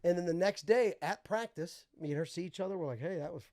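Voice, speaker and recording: A young man on a podcast, telling a wild story with lots of laughter and quick voices for the people in it. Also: high voice, a little mellow. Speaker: podcast guest. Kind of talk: casual storytelling.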